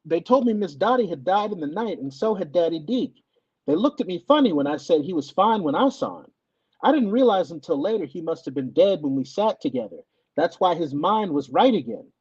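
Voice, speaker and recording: A man's voice: fairly high pitch, big pitch swings, fairly quick, a little mellow, breathy edge, dry recording, dull audio. A man voicing an older New Orleans mother. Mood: reminiscing.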